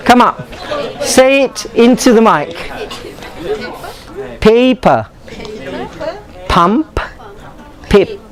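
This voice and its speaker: A man's voice: very high-pitched, sing-song, drawn-out words, long pauses, crowd noise. A man with a Malaysian accent teaching a pronunciation workshop, drilling sounds by repeating words and often chuckling. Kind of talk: live classroom teaching. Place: workshop room full of students. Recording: students chattering in background.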